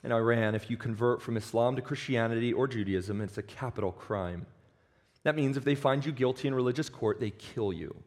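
A pastor preaching a sermon, earnest and emphatic, slowing down for weight and sometimes stumbling over restarts. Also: male voice, medium pitch. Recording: long hall reverb.

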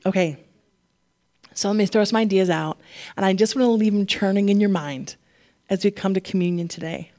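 A woman pastor preaching a sermon, animated and laughing often, getting emotional at times. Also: mid-range voice, brisk, pauses often.

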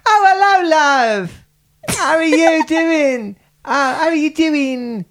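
A woman putting on a chirpy high Essex lady. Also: expressive, slow. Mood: cheery. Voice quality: much higher put-on voice, laughing through it. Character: chatty Essex woman greeting someone.

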